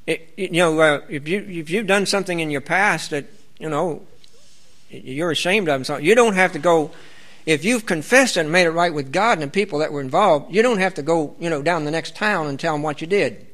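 Bright-voiced man preaching a rambling sermon. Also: on the high side, a little fast. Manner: earnest, rambling with fillers and restarts, reads scripture aloud.

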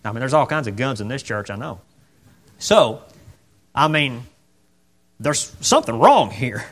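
A man's voice: medium pitch, big pitch swings, measured pace. A man preaching a sermon in a church, conversational and full of rhetorical questions, acting out the voices of the people in the story.

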